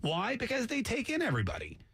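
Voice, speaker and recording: Male talk radio host, high husky voice, sarcastic and joking, close dry studio mic. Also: huge pitch swings, fast, a bit bright, no echo. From Canada. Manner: sarcastic, mocks accents with jokey asides. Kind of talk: casual talk radio monologue.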